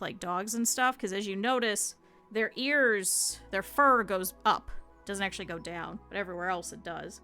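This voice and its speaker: Casual woman streamer, crisp bright tone, talks chat through craft steps over faint music. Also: mid-range voice. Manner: chatty, explains as she works, talks to chat. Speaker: streamer teaching plush sewing. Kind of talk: casual step-by-step craft tutorial.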